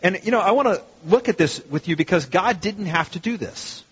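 A man with a slightly raised pitch preaches to his congregation, leaning on key words and restarting phrases as he goes. His voice is a little husky. It carries with a long hall reverb on a muffled recording. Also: lively intonation, fairly quick, a bit bright. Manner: conversational, emphatic preaching with restarts. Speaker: pastor. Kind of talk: sermon.

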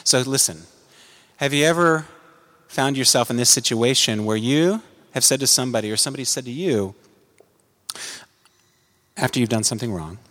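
A man preaching a sermon, earnest, climbing to emphatic peaks and dropping low for quiet asides. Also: long reverb tail. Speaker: pastor.

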